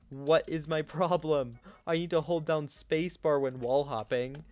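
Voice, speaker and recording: A young man giving live gameplay commentary, swinging between yelling in frustration and quiet muttering to himself. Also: on the high side, moderate pace, few pauses, no echo, soft background music. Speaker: gaming YouTuber.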